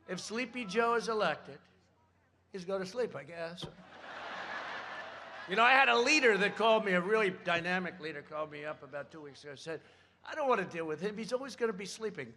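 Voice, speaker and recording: A man giving a campaign rally speech at a podium microphone, rambling with sarcastic asides and shouted emphasis. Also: high voice, moderate pace, slight background noise.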